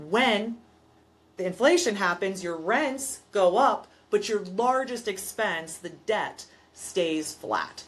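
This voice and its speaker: A woman property manager and investor talking in a casual podcast conversation, explaining things emphatically and telling stories in which she acts out both sides. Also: fairly low pitch.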